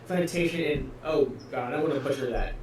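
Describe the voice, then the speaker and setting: A man's voice: mid-range voice, darkish tone, a little hiss or hum. Casting: male co-host, easygoing, picked up far off in a very echoey room. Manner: quick to laugh, stumbles over names. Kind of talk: casual news recap chat. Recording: very roomy, distant from mic.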